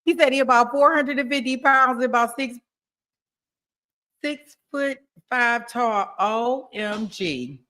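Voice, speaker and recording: A woman's voice: a little high, takes it slowly, sharp tone. A woman commenting casually on trial footage, talking straight to her viewers in a disbelieving way.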